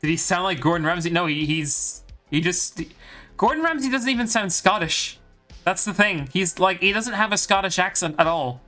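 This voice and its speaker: A man's voice: sits high, moderate pace, hardly any pauses, sharp tone, faint music behind. A man from Ireland with a light Irish accent, commentating a live game stream and joking with his viewers in a chatty, bragging way.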